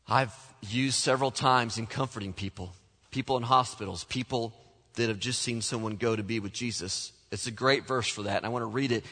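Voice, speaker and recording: A man preaching a sermon as pastor, animated, acting out the voices he quotes. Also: on the low side. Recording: long hall reverb.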